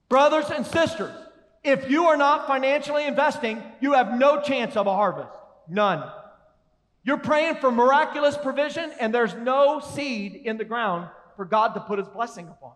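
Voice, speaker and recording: High-voiced energetic preacher in a big hall. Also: male voice, moderate pace. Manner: energetic, calls congregation to respond. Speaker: pastor. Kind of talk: sermon. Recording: long reverb of a large hall.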